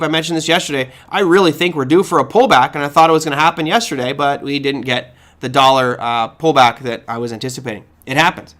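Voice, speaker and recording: Animated, high-pitched man on live markets stream. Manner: conversational, animated, rhetorical questions, frequent restarts. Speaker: market analyst host answering viewer questions.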